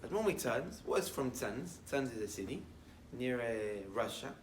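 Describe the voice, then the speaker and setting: A man's voice: mid-range voice, animated, normal speed, reverberant, distant mic, a little hiss or hum. A man giving a short morning sermon as a rabbi, telling a story in English with many Hebrew terms and building up to emphatic declarations.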